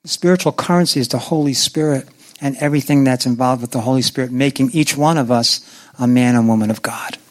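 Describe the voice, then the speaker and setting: A man preaching a sermon to a congregation, asking them questions and acting out scripture with big swings in his voice. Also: quick pace. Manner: animated, acts out biblical voices with swings in pitch.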